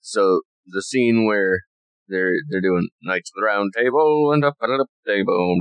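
Deep-voiced man in casual chat. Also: dry recording, muffled recording. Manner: halting, explaining with many fillers. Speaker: podcast co-host.

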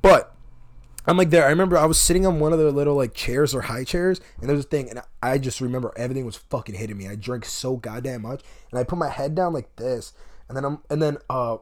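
A man's voice: medium pitch, fast. A young man telling a wild night-out story in casual chat. He swears constantly and acts out what everyone said. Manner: profane, animated, acts out quotes.

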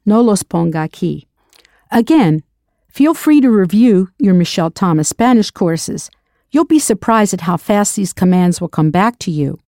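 A woman's voice: medium pitch, expressive, moderate pace, mellow, no room sound, studio quality. A woman narrating a scripted audio language lesson as the teacher. She patiently prompts drill questions and then confirms the answers.

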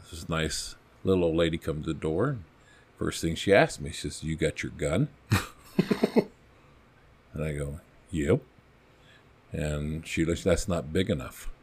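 A man with a very low, deep voice spins a small-town story in an easygoing, rambling way. He acts out the quoted lines as he tells it, in the relaxed rhythm of a podcast guest recounting his old police calls. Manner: folksy, rambling anecdotes with acted-out quotes. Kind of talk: casual storytelling.

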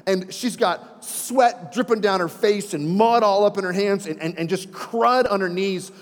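A man's voice: high voice, a little slow. A man in his forties, a pastor preaching a sermon, telling stories with chatty asides to the congregation. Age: 40s. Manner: animated storyteller, folksy asides to the congregation. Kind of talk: sermon with storytelling. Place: church sanctuary. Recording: reverberant church hall.

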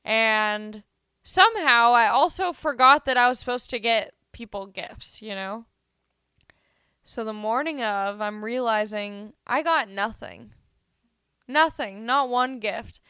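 A woman's voice: a little high, slow, sharp tone, smooth, no room sound, clean studio sound. A woman hosting a casual solo podcast, rambling and joking at her own expense while she has a cold. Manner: rambling, self-deprecating, joking. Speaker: podcast host.

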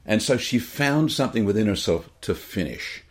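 Deep-voiced Australian man telling a story. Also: normal speed. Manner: animated storyteller with frequent restarts. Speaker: podcast co-host. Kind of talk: storytelling in casual chat.

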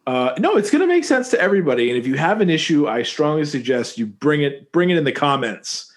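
A man's voice: on the high side, big pitch swings, fast talker. A man co-hosting a casual movie-review chat, rambling and jokey, often correcting himself mid-sentence. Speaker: podcast co-host.

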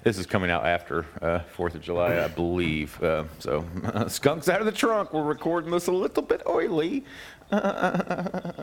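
A man's voice: on the low side, moderate pace. A man hosting a casual radio talk show, chatting loosely with many fillers and frequent laughs. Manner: laughs often, rambling with fillers. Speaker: podcast host.

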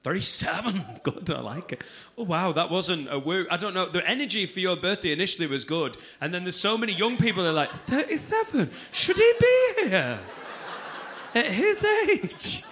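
Cheeky high-voiced man doing crowd work. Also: animated, fast talker. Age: 30s. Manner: loud, cheeky, swearing banter. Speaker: stand-up comedian. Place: comedy club stage before a crowd.

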